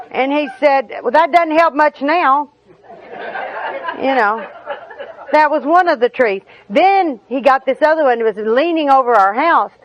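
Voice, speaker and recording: A middle-aged woman telling folksy, humorous personal stories at a recovery meeting, often laughing as she talks. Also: high-pitched. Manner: folksy, laughing through her own stories. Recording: dull lo-fi recording with audience.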